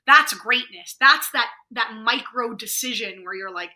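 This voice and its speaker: A woman speaking as a podcast guest, animated and conversational, acting out inner voices as she talks. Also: a little high, unhurried, hardly any pauses, rough recording. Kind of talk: conversational interview.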